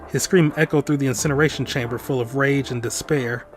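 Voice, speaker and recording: Casting: male let's-play host, steady mid-pitched reader of game narration. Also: brisk, soft background music. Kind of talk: reading a visual novel aloud.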